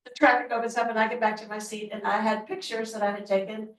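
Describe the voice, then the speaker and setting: A woman's voice: mid-range voice, little pitch movement, quick pace. A middle-aged woman, a real estate agent, telling a rambling story at a team meeting with lots of restarts. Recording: roomy, distant mic.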